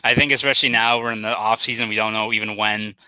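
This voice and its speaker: A man's voice: fairly low pitch, steady tone, fast talker, sharp tone, smooth, no echo, low-quality recording. A young man from South Boston with a Boston accent, a sports reporter chatting casually as a podcast guest, rambling with lots of "like" fillers. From South Boston, USA.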